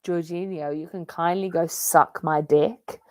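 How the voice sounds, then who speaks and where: Co-hosting a live football watch-along, a young woman rants and swears at the match in explosive outbursts. Her lowish voice stays fairly even and a touch slow, captured as clean studio sound with no echo.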